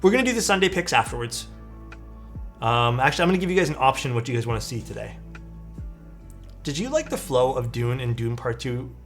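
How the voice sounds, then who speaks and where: A man chatting casually on a live stream, laid-back and low-energy, thinking aloud with fillers and restarts. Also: sing-song, fairly quick, long pauses, a bit bright, soft background music.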